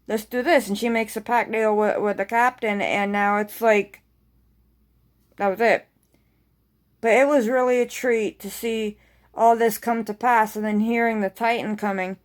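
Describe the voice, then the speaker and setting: A woman casually recapping a TV episode, rambling excitedly and swearing freely. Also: mid-range voice, unhurried. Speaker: TV episode reviewer.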